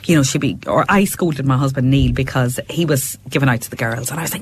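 A woman's voice: a bass voice, fast talker, hardly any pauses, a little hiss or hum. A middle-aged woman with a Fermanagh accent, chatting as a radio guest in a studio, telling family stories and laughing often. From Fermanagh, Northern Ireland. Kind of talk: casual chat.

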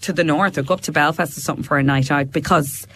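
A woman's voice: deep voice, fast talker, husky. A Northern Irish woman from Fermanagh, a regular guest on a radio show, chatting and telling anecdotes with lots of laughter. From Fermanagh, Northern Ireland. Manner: chatty, animated, laughs often, tells anecdotes. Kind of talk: casual radio chat.

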